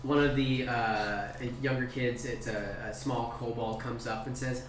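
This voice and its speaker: A man serving as game master, narrating a tabletop scene in a relaxed, rambling way with frequent filler words. He sounds far from the mic in an echoey room with steady noise. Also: mid-range voice, measured pace, few pauses. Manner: loose, filler-heavy narration full of "like" and "um". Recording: roomy, distant, noisy recording.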